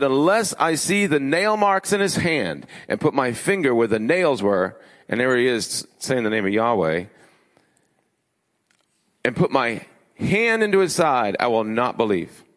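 A man preaching a sermon as pastor, emphatic, building his lists with rising pitch. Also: fairly bright tone. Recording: long hall reverb.

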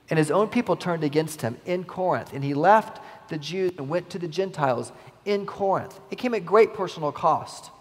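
A man's voice: a little high, creaky, darkish tone. A male pastor preaching a sermon in a church, earnest and conversational, with emphatic quoted lines. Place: church sanctuary. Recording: long church reverb.

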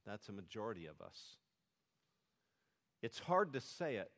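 A man's voice: on the low side, big pitch swings, measured pace, fairly bright tone, in a large hall. Older man, pastor, sermon delivery, gets the kids to repeat points, builds to fervent emphasis.

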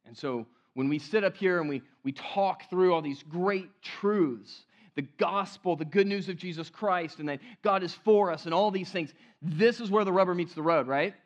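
A man preaching a sermon in a conversational way, often restarting phrases and dropping to a hushed voice for emphasis, in a church. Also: sits high, moderate pace, few pauses, dull audio. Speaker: pastor.

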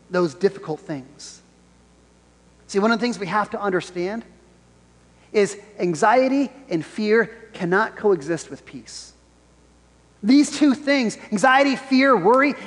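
A pastor preaching a Sunday sermon in an animated style, repeating his key phrases for emphasis. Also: sits high, big-room sound.

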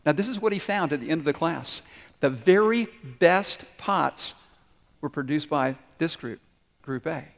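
A man's voice: fairly high pitch, a little slow, creaky, long reverb tail. A man preaching a sermon as a pastor, telling a story and acting out the voices of the people in it. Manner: storytelling, animated quoting of characters.

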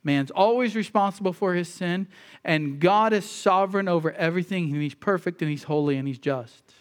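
A man's voice: high-pitched, moderate pace, smooth. A man preaching a sermon with emphatic delivery and rhetorical questions. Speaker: pastor.

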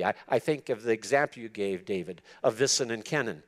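A man's voice: lowish voice, brisk. A man giving an expository sermon to church leaders, earnest and emphatic, repeating words for stress. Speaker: preacher teaching church leaders.

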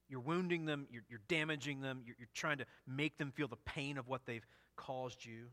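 A man's voice: medium pitch, moderate pace, hardly any pauses, a bit bright, in a large hall. A man preaching an expository sermon, earnest and emphatic, often repeating and restarting phrases. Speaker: pastor.

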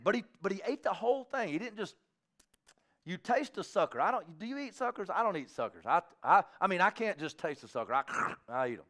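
Animated man preaching a sermon. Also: high-pitched, fairly quick. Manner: animated preaching, swings from quiet asides to shouting. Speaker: pastor. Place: church sanctuary.

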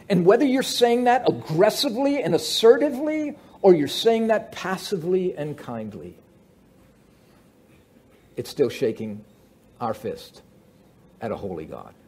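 A male pastor preaching a sermon, swinging between loud emphasis and hushed asides. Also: mid-range voice.

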